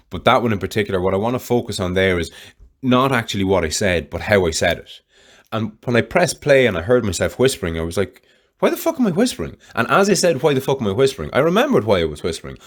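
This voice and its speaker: A man hosting a solo podcast, talking candidly in a rambling way and swearing freely. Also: low voice. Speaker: podcast host.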